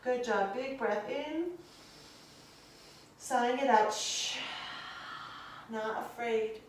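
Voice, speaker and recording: A young woman leads a guided yoga class in a soothing, encouraging manner, addressing her listeners as friends. Her voice is a little high and extremely slow, with slight hiss or hum, recorded from a distance in an echoey room.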